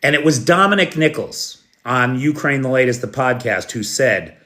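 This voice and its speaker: A man's voice: medium pitch, lively intonation, normal speed, hardly any pauses, sharp tone. An American man hosting a live news stream, blunt and sarcastic, who swears now and then and talks directly to his chat viewers. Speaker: livestream news host. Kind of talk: unscripted live news commentary.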